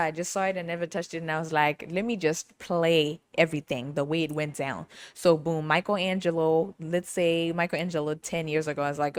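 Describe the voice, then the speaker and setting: A woman's voice: low-pitched, steady tone, moderate pace, few pauses, clean tone, no room sound. A woman hosting a podcast, telling stories in a casual, chatty way, laughing often and playfully teasing. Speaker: podcast host. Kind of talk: casual storytelling monologue.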